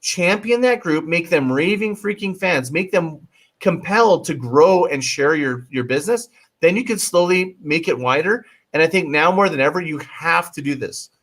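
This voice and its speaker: A man's voice: fairly high pitch, animated, normal speed, a bit bright. A man talking as a guest marketing coach in a casual interview, emphatic and pleading, often breaking off and restarting, with the odd swear word.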